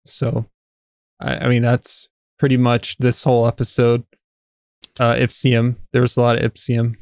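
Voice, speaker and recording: Man co-host, flat steady delivery, smooth clear tone, dry close sound, relaxed chat with fillers. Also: medium pitch, measured pace, no echo. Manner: even, relaxed, lots of fillers and restarts. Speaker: podcast co-host. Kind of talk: casual chat reviewing an episode.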